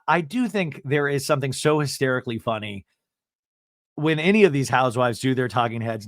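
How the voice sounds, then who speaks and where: A man hosting a comedic reality TV recap, his bright voice swinging widely in pitch as he chats. He is recorded dry and close, like a podcast mic. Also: no room sound. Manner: animated, chatty, acts out quotes. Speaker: podcast host.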